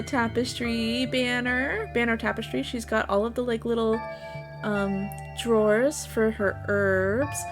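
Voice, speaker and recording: A woman streaming a story game, reacting excitably with gasps and casual swearing as she plays. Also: on the high side. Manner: excitable, gasping, swears freely. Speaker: gaming streamer. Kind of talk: let's-play commentary.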